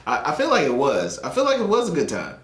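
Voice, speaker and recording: A man hosting a podcast, chatting in a laid-back way and laughing often. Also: on the high side. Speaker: podcast host. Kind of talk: casual podcast chat. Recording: echoey room with faint noise.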